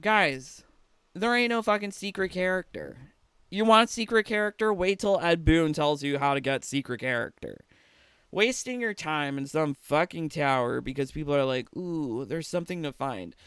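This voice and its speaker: Man, sneering gaming reaction commentary, swears a lot, slightly high voice, dry close sound. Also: expressive, moderate pace, fairly bright tone, clean tone, no room sound. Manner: mocking, laughs often, swears freely.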